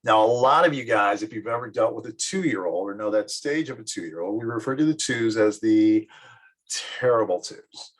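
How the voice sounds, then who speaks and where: A middle-aged man teaching psychology in a lively classroom lecture, acting out little scenes of children and parents as he goes. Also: fairly low pitch, poor audio. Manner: lively, acts out children and parents in quick asides.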